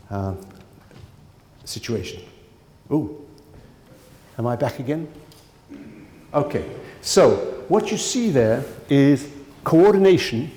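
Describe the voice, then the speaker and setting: A man lectures at a conference in a loose, chatty way, drifting into asides. His voice is mellow and dark. A long hall reverb surrounds every word. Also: mid-range voice. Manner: conversational, digressive, frequent asides and fillers. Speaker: economics professor giving a lecture.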